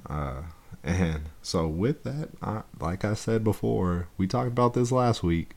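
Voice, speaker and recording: A man with a very deep voice hosting a casual podcast, relaxed and teasing. He ribs his co-host and laughs along, never in a hurry. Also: a little slow, vocal fry. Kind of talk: casual chat.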